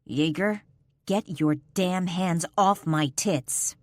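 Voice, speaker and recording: A woman narrator voicing a fierce, sharp-tongued winged warrior woman, cutting and threatening, quick to anger. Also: fairly low pitch, very animated, dry recording. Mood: furious.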